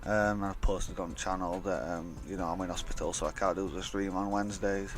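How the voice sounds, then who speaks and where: A man's voice: low-pitched, fairly even intonation, fairly quick, music in the background. A young man telling a rambling, blunt, sweary story in a casual vlog. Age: young adult. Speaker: vlogger.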